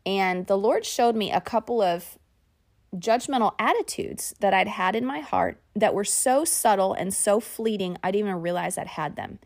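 A young woman, telling her own story in a lively, chatty way, often laughing and acting out what was said. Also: medium pitch, normal speed, creaky. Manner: animated, laughing, says "y'all", acts out her own and her husband's lines. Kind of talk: personal storytelling.

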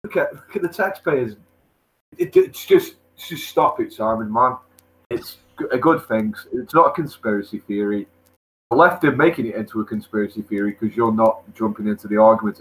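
A man's voice: lowish voice, lively intonation, normal speed, low-quality recording. A man in casual chat, sarcastic and sweary.

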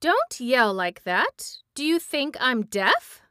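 A woman's voice: mid-range voice, expressive, a little slow, bright, forceful tone, dry recording, clean studio sound. A woman voicing a grave, solemn pumpkin-headed man come to life in a storybook. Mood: reproachful.

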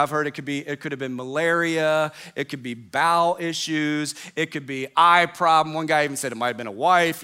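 Bright, high-voiced male pastor preaching. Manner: emphatic, repetitive preaching with falling phrase endings. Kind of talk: sermon.

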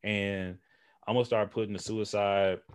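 A man's voice: lowish voice, little pitch movement, normal speed, clear, resonant tone, no echo. Rambling, laughing man on a podcast. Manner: loose, rambling, laughs often; acts out relatives' voices while telling stories. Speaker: podcast host. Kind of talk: casual conversation.

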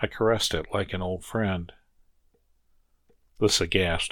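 A man narrating a first-person story as an audiobook reader, measured and reflective. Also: sits low, fairly even intonation, fairly bright tone, no echo.

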